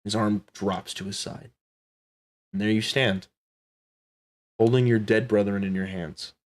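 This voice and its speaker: A man narrating a tabletop game as game master, slow and dramatic, dropping to hushed tones. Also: on the low side, fairly even intonation.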